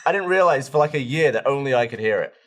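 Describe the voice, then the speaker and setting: A man on a podcast telling rambling, excitable gaming anecdotes in casual chat. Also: medium pitch, fast talker. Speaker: podcast co-host.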